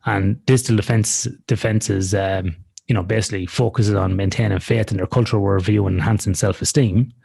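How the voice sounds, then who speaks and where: A man's voice: on the low side, steady tone, brisk, vocal fry, a little mellow, breathy edge. A man co-hosting a podcast in casual conversation, talking frankly and rambling through examples, with some swearing. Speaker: podcast co-host. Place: lives in Australia.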